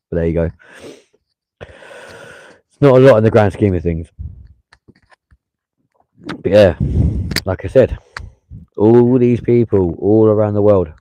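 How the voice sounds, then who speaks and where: A man hosts a live stream, ranting in blunt, profane commentary. His voice is gravelly and low in tone. The sound is close and dry. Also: mellow, dry recording, poor audio.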